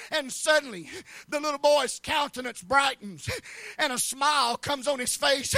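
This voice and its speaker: Guy preaching a sermon, really high voice with a gravelly edge, goes from low storytelling to big rhythmic shouting. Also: moderate pace, no echo.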